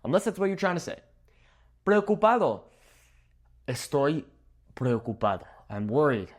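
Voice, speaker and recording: A man's voice: sits high, very animated, brisk. A young man teaching a Spanish vocabulary lesson at a whiteboard, upbeat and playful, with a laugh at his own jokes. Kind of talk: video language lesson. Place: room with a whiteboard.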